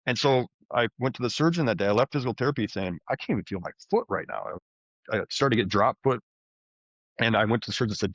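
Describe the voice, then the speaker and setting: Male podcast guest, mid pitch, eager storyteller who keeps restarting sentences, dry close sound, a bit dull. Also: fast, no echo. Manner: animated, frequent restarts and fillers. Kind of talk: conversational storytelling. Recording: dull, slightly muffled podcast audio.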